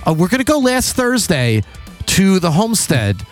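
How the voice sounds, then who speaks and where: A man's voice: high voice, big pitch swings, normal speed, faint music behind. A man co-hosting a casual podcast, laughing often and swearing freely. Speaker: podcast co-host. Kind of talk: casual comedic chat.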